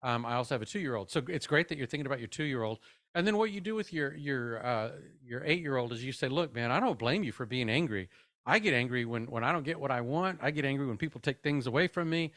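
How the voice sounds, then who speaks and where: A middle-aged man presents a parenting webinar in a relaxed, conversational way, often dropping in "man" as he talks. His voice sits at an ordinary pitch, and the sound is close and dry with no room echo. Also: quick pace. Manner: casual and upbeat, says "man" often.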